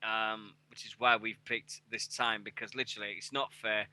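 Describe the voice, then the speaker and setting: A man's voice: on the low side, level tone, normal speed, pushed and bright, dry recording. A man in his forties hosting a radio show on a headset mic, chatting casually with lots of swearing and rambling. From England. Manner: sweary, rambling, laughing at himself.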